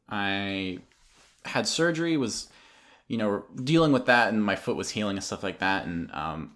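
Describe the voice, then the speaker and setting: A man's voice: fairly low pitch, fairly bright tone. A young man telling a long personal story in casual, rambling podcast talk, full of ums and likes, mimicking people who nagged him. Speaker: podcast guest, photographer.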